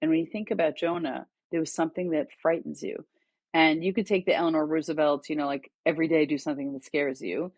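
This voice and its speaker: A middle-aged woman, a guest author and educator, tells stories conversationally and animatedly acts out the quoted dialogue. Her voice is low and quick-paced, with no echo.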